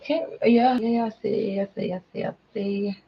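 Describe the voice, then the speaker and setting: A woman talking casually in an excited vlog, exclaiming and trailing off into murmurs. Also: mid-range voice, moderate pace, gravelly, muffled recording. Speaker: vlogger.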